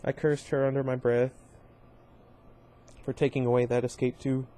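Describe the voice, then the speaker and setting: A man's voice: mid-range voice, flat delivery, moderate pace, dark tone. A man reading a novel aloud in an informal way, with small slips, restarts and brief asides. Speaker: reader.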